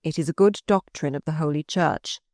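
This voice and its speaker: A woman reading aloud voices a sardonic, malicious older male courtier who mocks in slow, drawn-out phrases. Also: sits low, a little mellow, no echo, studio quality. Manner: mocking, drawn-out.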